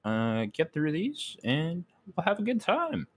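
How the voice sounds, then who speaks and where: A man's voice: on the high side, huge pitch swings, a little slow, husky, dry recording. A man hosting a casual video game podcast, joking and swearing freely as he moves the show along. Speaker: podcast host.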